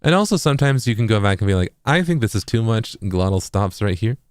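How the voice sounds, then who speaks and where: A low-voiced man with an East Coast accent explains his process in a loose, casual way. He leans on fillers and says words aloud to show their sounds. The recording is close and dry. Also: fast talker, clear, resonant tone, no echo. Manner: relaxed, filler-heavy, sounds words out as examples. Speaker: music producer and streamer.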